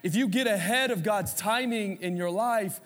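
Пастор-мужчина с высоким голосом в гулком зале. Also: male voice, sits high, moderate pace, fairly bright tone. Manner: conversational preaching with audience call-outs. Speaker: pastor. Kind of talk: sermon. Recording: reverberant hall.

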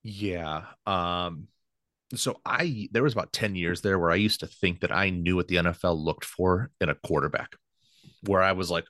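Deep-voiced man in casual sports chat. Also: normal speed, fairly bright tone, dry recording, clean studio sound. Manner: rambling, self-correcting, laughs easily. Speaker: podcast co-host.

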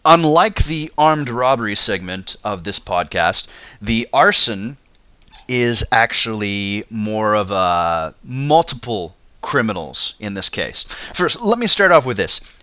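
Brief: talkative male podcast host, bright tone, dry studio mic, stumbles over words. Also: fairly low pitch, animated, unhurried, dry recording. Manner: chatty, stammers and laughs often. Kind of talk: casual comedic podcast chat.

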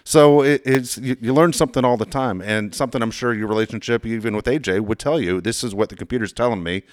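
A man chats about baseball in rapid, rambling sentences that keep restarting. The sound is dry and close with no room echo. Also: medium pitch. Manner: rambling, self-correcting. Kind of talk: casual sports talk.

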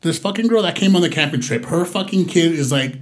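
A young man telling a long story in casual, profane chat, rambling and loudly acting out the quotes. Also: fairly high pitch, expressive, fast.

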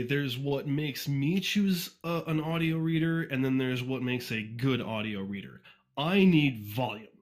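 A man from Northeast Ohio, a guest on a podcast, chatting casually and informally with lots of fillers and restarts, recorded on a USB condenser microphone. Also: mid-range voice. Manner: fast-talking, informal, frequent fillers and restarts. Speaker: podcast guest, fan audiobook reader. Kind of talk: casual interview chat.

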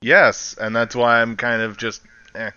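A man's voice: medium pitch, flat delivery, measured pace, sharp tone, clean tone, no echo, muffled recording. A man co-hosting a casual podcast while ill, sounding dry and unimpressed. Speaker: podcast co-host.

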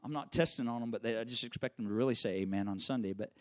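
A man preaching a sermon, animated and conversational, who repeats his key phrases and makes quick asides to the congregation. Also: medium pitch. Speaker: pastor.

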